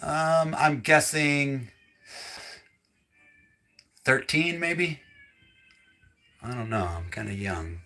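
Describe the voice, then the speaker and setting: A man co-hosting a live home-tour stream, playful and excitable, sometimes breaking into shouts. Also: medium pitch, extremely slow, pauses often, soft background music. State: out of breath. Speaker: channel co-host giving a house tour.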